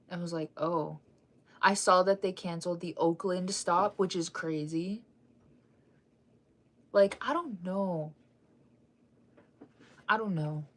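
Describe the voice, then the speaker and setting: A young woman with a somewhat low voice rambles through a casual fan news chat. She circles back on her points with many fillers and restarts. She sounds sleepy and keeps yawning and sighing between thoughts.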